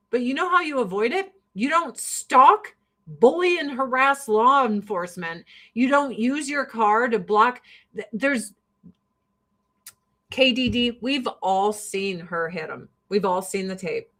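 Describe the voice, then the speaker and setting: A woman's voice: fairly high pitch, fairly bright tone. A woman host delivering a heated, sarcastic, profanity-laced rant. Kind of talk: ranting commentary.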